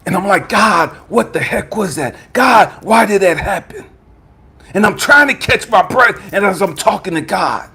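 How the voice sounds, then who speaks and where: A man, a spiritual coach, telling an impassioned testimony, swinging from hushed tones to shouting. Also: high voice, lively intonation, normal speed, creaky, husky.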